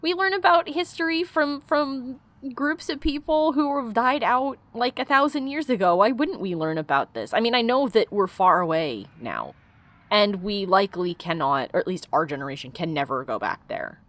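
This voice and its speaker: A woman's voice: medium pitch, expressive, normal speed, fairly bright tone. A woman giving casual let's play commentary, blunt and chatty, swearing freely.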